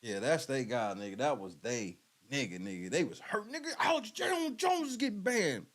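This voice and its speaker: A man's voice: mid-range voice, sing-song, normal speed. A man hosting a podcast, giving casual reaction commentary and laughing in disbelief. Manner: laughing, incredulous. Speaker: podcast host.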